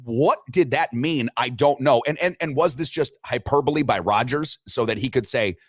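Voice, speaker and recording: A man's voice: medium pitch, moderate pace, no echo, studio quality. A man hosting a sports radio show, chatting loosely, joking and reading sponsor spots. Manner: loose, joking, swears casually. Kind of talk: casual sports talk with live sponsor reads.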